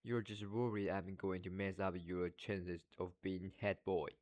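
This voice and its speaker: Man reading a hot-headed schoolboy, defiant, in a low voice. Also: little pitch movement, a little slow, a little mellow, lo-fi sound. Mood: heated. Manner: heated, defiant. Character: hot-tempered young schoolboy.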